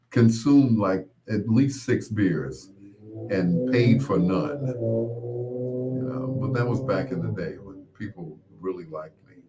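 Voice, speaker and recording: A man hosting his own show, telling rambling casual stories with laughs and quick mimicked voices of others. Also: fairly low pitch, a little mellow. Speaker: podcast host. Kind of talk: casual storytelling monologue.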